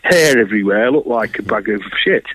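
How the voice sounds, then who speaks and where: A man's voice: fairly low pitch, animated, fairly quick, a bit bright, slightly rough, no echo, rough recording. A man, a guest angler, telling rambling, crude stories in casual chat and acting out voices. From England. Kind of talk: casual anecdote.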